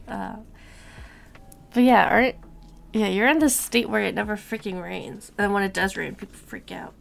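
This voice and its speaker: A young woman streamer with a gravelly, medium-pitched voice chats casually and rambles to her viewers, swearing now and then. She's unhurried and leaves long pauses.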